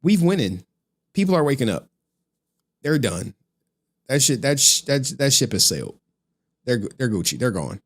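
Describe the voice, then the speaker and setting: Animated, profane male live streamer. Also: medium pitch, normal speed, long pauses. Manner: profane, chatty, exasperated with his chat. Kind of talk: casual live stream commentary.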